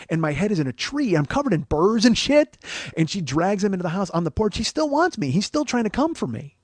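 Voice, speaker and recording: A man in his forties hosting a podcast, telling a comic story with profanity and animated, yelled-out quotes. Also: a little high, no echo. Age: 40s. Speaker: podcast host. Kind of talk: comedic storytelling monologue.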